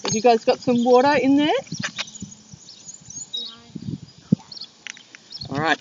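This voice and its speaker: Slow, clear-speaking Australian teacher outdoors. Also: female voice, a little high, very animated. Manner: warm, encouraging, slow and clear. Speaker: primary school teacher. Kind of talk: reading a picture book aloud to young children. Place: outdoor school playground. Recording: dull lo-fi with wind noise outdoors.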